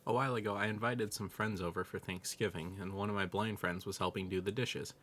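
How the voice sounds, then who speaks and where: A man narrating a run of jokes with a dry, even delivery of setups and punchlines. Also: fairly low pitch, fairly quick, slight background noise. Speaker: joke narrator. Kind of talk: scripted joke telling.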